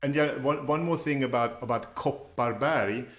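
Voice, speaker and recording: A man's voice: medium pitch, normal speed, reverberant. A man co-presenting a language class, explaining pronunciation methodically with some hesitation. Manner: explains methodically, many fillers and restarts.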